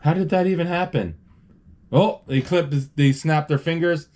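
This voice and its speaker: A man's voice: fairly high pitch, normal speed, a little mellow. A man narrating a cartoon film live in a casual, rambling way, restarting words and reading out characters' lines. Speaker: movie describer.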